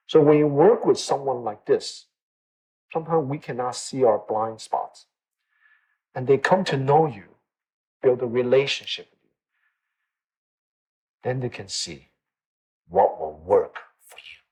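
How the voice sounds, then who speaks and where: Poor audio carries a man's medium-pitched voice with a breathy edge as he teaches a meditation class. His dharma talk is conversational, with frequent check-ins with listeners and phrases repeated for emphasis.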